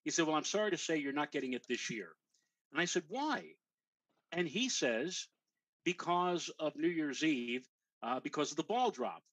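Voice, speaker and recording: A man's voice: a little high, moderate pace, no room sound, low-quality recording. An older man, a weather show host, telling a long anecdote in casual chat and acting out the voices of the people in it. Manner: animated anecdote teller, acts out quoted voices.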